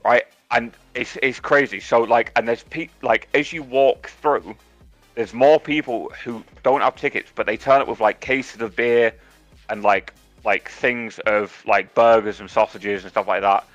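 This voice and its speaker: English man telling animated stories. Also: medium pitch, measured pace, dry recording. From England. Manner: animated storytelling, heavy swearing. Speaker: podcast co-host. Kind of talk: casual podcast chat. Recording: dull, dry lo-fi mic with faint music.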